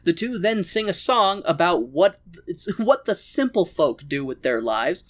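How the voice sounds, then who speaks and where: Animated, joking podcast co-host. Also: medium pitch, a little slow. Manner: crude, joking, animated storytelling. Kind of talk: casual comedic film recap.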